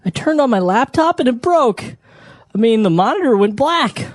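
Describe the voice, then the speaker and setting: A woman's voice: animated, normal speed, no echo, clean studio sound, lightly acted. A woman voicing a panicked, confused man calling tech support, stammering out frantic lines in a scripted learner dialogue. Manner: frantic, stammering, squeaky outbursts. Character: panicked confused male computer caller.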